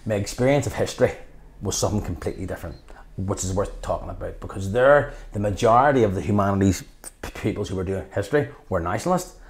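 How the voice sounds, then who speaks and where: Fast-talking Belfast man. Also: lowish voice. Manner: passionate, animated storyteller who acts out quotes. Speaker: guest. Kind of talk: conversational interview.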